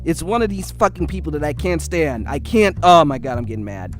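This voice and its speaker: Man, high-pitched voice, young adult, casual storytime, heated, profane, animated. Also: a little fast, over music.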